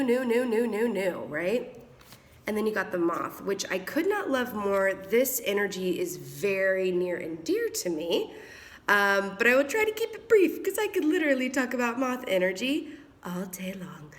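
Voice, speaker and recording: A woman's voice: medium pitch, sing-song, moderate pace, a bit bright. Woman with a bit of a cold doing a chatty tarot reading, laughs a lot, calls you honey. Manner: chatty and affectionate, laughs often, calls listeners darling and honey; whispers while drawing cards. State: getting over a cold. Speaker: tarot reader.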